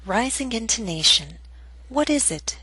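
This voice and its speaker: A woman narrating a scripted English pronunciation lesson in an even, read-aloud manner. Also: a little high, measured pace, breathy edge, no room sound, poor audio.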